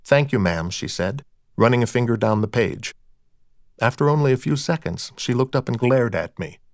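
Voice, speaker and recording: A male narrator reading a first-person novel, mid-pitched and wry. His delivery is dry and understated. Close studio sound with no room. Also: animated, moderate pace, no room sound. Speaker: audiobook narrator.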